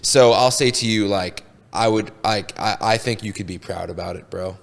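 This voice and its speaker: A man's voice: lowish voice, normal speed, creaky. A man on a podcast, prodding his guest with questions and jokes. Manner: prods and jokes, asks questions. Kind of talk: casual podcast chat. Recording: room with long reverb.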